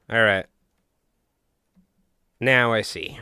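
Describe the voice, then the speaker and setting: A man's voice: medium pitch, moderate pace, pauses often, bright, forceful tone, clear, resonant tone, no echo, clean studio sound. A young man with a Long Island accent chatting casually and jokingly on a live stream while tying flies, rambling with many fillers.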